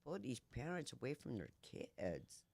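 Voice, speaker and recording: Female co-host, gravelly and conversational, short agreeing replies, dry sound. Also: a bass voice, sing-song, a little slow, a little mellow, dry recording. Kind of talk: casual live stream talk.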